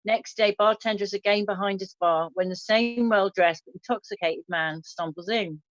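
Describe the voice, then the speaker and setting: At normal speed and mid-range pitch, a woman hosts an online café show, with no room sound. She chats casually and reads listener jokes with small slips, and the recording sounds dull, dry and lo-fi.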